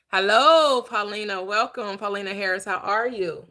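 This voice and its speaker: On a livestreamed Bible teaching, a woman preaches emphatically but conversationally, slowing to stress key phrases. Her mid-range voice is bright and forceful, and between points she makes chatty asides to viewers and laughs quickly.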